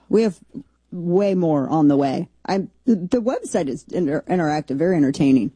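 A woman hosting a commentary show, talking sarcastically and excitably and acting out mock reactions. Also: sits low, moderate pace, slightly rough, no echo. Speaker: show host. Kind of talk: animated commentary monologue.

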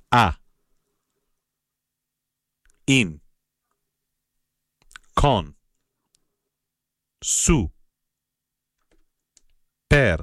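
A man giving a patient, casual spoken lesson, repeating words slowly and spelling them out. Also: lowish voice, no echo, studio quality. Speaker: Italian language teacher.

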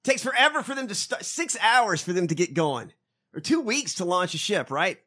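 A man co-hosting a podcast in casual chat, animated and profane. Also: sits high, normal speed. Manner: animated, profane, laughs often. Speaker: podcast co-host.

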